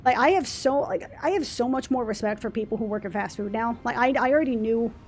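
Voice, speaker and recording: A woman ranting in casual chat over gameplay, exasperated, quick to swear and act out customers. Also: on the high side, darkish tone, a little hiss or hum. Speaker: let's play host.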